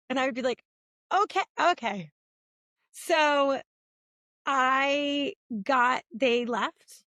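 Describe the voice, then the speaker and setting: A woman in her forties, co-hosting a podcast, telling lively stories in a casual chat. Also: drawn-out words, long pauses, dry recording. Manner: animated storytelling, swings between high and low. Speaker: podcast co-host.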